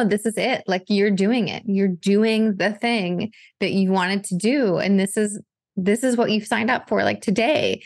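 Woman guest, reflective and loose, mid pitch with a gravelly edge, dry sound. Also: no echo. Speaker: literary agent and author, podcast guest. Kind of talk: casual podcast conversation.

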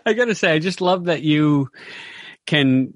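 A man with a New York accent, co-hosting a podcast in warm, joking casual chat. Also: on the high side, expressive, a little slow, no room sound.

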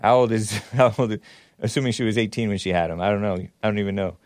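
A man's voice: on the low side, little pitch movement, fast talker, darkish tone, no room sound, studio quality. Sarcastic male commentary host. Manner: sarcastic, mocking. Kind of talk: commentary on the news.

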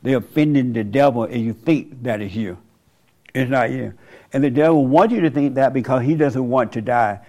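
A man's voice: mid-range voice, moderate pace, a little mellow, highs cut off. A man hosting a casual, preachy monologue, rambling and colloquial, often laughing at his own remarks.

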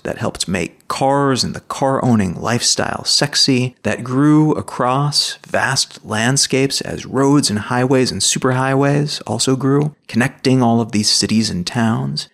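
Guy reading his podcast script, kinda gravelly, mid pitch, steady explainer tone. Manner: measured, explanatory, lightly opinionated. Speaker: podcast host. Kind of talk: scripted solo podcast narration.

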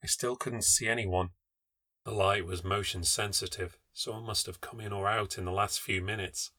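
A man's voice: on the low side, steady tone, normal speed, sharp tone, no room sound. A man narrating a first-person ghost story with a tense, dramatic delivery. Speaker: podcast narrator.

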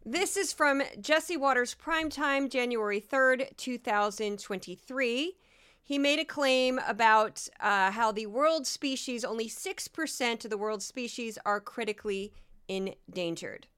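A woman's voice: a little high, unhurried, fairly bright tone, smooth. A woman from Missouri hosting a solo podcast, talking in a casual, sarcastic and mocking way. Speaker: podcast host.

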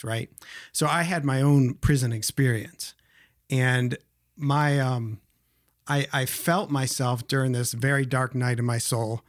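A man's voice: medium pitch, level tone, moderate pace, no room sound. Young male podcast host, earnest storyteller, dry studio-like sound. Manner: earnest, personal storytelling with fillers. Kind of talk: casual interview chat.

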